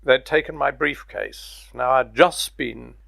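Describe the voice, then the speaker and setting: A man's voice: medium pitch, slow, vocal fry, fairly bright tone, no echo. An older man recalling his career in an oral history interview, telling stories with chuckles. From Britain. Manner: anecdotal, chuckling storyteller.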